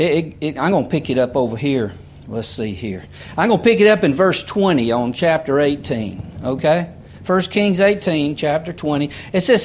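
A man with a fairly high voice preaches, reading scripture aloud to his listeners. He goes in bursts, repeating words and breaking off for quick asides.

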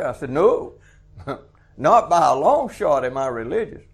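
A man's voice: fairly high pitch, big pitch swings, a little slow, vocal fry, husky. A man preaching a folksy sermon, chuckling often and acting out little dialogues. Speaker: truck stop preacher.

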